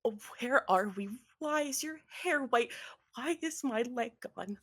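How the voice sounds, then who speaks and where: A woman's voice: a little high, expressive, measured pace, husky, pitched above the performer's own voice. A woman voicing a scared, tearful young woman in a tabletop game, stammering and pleading. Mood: frightened.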